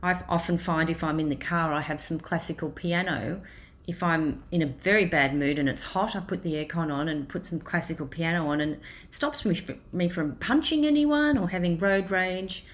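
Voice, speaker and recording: A woman's voice: on the low side, moderate pace. An Australian woman hosting a community radio interview, tossing in playful joking asides.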